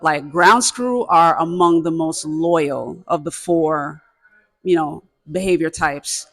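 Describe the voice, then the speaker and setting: A man hosts an interview in a slightly high voice. He stays calm and explains ideas to the audience in an even way. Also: slow pace. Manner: calm, explains concepts to the audience between brief affirmations. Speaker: podcast host. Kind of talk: casual interview.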